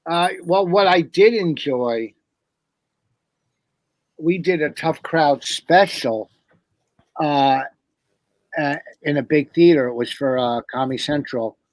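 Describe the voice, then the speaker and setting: A man comedian recalling old shows in a slow, rambling, profane way during a round-table chat. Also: fairly high pitch, no echo. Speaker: comedian guest.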